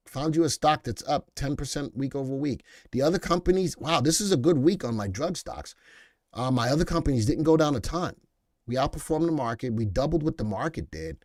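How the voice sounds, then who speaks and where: A man's voice: medium pitch, darkish tone, no room sound, clean studio sound. A man with a Boston accent hosting a live stock market stream, rambling, repeating himself and answering viewer chat as he goes. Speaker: stock market show host.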